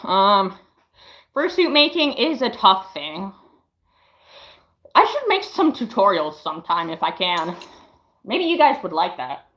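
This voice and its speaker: A young woman in her late teens chatting casually on a livestream, showing her craft work in a slow, hesitant way with lots of "um"s. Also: medium pitch, very animated, fairly bright tone, roomy sound, rough recording. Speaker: livestreamer and fursuit maker.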